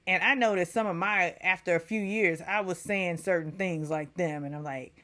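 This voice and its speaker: Her lowish voice is fairly bright and moves at a normal pace. She's a woman from Texas vlogging a casual reality-show recap, chatty and opinionated, imitating people mockingly in quoted voices.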